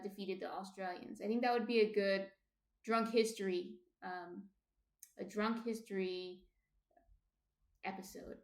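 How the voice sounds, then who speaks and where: A woman's voice: medium pitch, a little mellow, echoey room. A woman from New Jersey chatting casually on a baking livestream, reading out viewer comments in a rambling way full of fillers and restarts. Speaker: baking streamer. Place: home kitchen.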